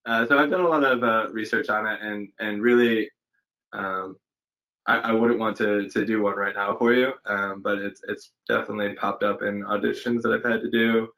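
A man with a fairly low voice answers interview questions about his acting work. He talks thoughtfully and hesitantly, pausing on fillers and starting sentences over as he works out his ideas. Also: fairly even intonation, a bit bright, rough recording. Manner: reflective, hesitant, many fillers and restarts. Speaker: actor guest. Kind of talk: casual interview conversation.

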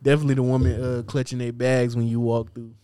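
A man's voice: mid-range voice, little pitch movement, fast, warm tone. A man co-hosting a podcast, chatting casually in a blunt, outspoken way. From United States. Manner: blunt and outspoken, laughs between lines. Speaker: podcast co-host. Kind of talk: casual chat.

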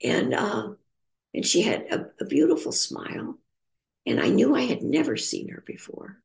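Telling her own story, an author in recovery speaks earnestly and reflectively. She's an older woman with a gravelly voice and slight vocal fry who frequently pauses and starts over, her pitch moving up and down with liveliness.

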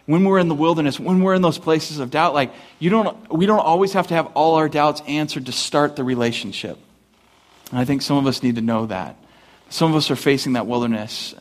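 A pastor preaching a sermon in a conversational, storytelling way, with many asides, and rising high and loud for emphasis. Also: male voice.

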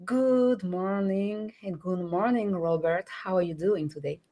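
A woman co-hosting a casual live-stream morning chat, animated, laughing often and speaking straight to viewers. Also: lowish voice, moderate pace. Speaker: co-host.

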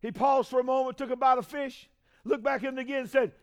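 High-voiced preaching pastor, booming and hushed. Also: male voice, steady tone, quick pace. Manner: preaching with call-and-response, shouting peaks and dropping low. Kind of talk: sermon.

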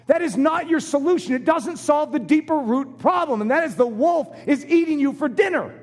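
A man preaching a sermon, acting out short voices in his illustrations. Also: extremely high pitch. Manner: animated, acts out little voices in his illustrations. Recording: long hall reverb.

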